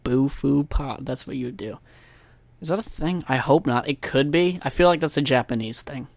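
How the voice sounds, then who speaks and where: A man hosts a casual solo podcast into a USB desk microphone, talking in a slightly high voice and a little fast. He rambles, swears, and mocks himself, and the recording sounds dry.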